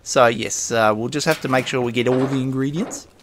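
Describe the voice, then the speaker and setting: A man's voice: mid-range voice, fairly even intonation, fairly quick, noisy background. A man giving casual, rambling let's-play commentary as a gaming host. He talks to himself as he plays and chuckles often.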